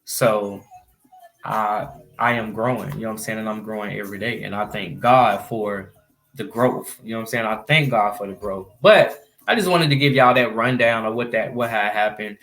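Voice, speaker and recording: A man's voice: lowish voice, moderate pace, a bit bright. A young man telling his viewers about a recent experience in a loose, conversational vlog style, often adding "you know what I'm saying.". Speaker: vlogger. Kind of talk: casual storytelling to camera.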